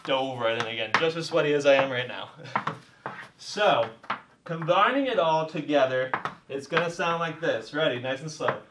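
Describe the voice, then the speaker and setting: This casual tutorial features a man demonstrating a dance step as he teaches it, breathless, upbeat, and frequently laughing while counting beats. His voice sits a little high and moves at a normal speed. He's far from the mic against a noisy background.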